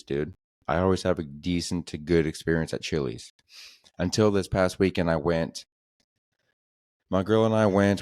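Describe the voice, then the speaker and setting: Man, podcast host, very low voice, dry close sound, casual profane storytelling, slangy. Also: darkish tone, no echo. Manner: profane, slangy, keeps saying "dude".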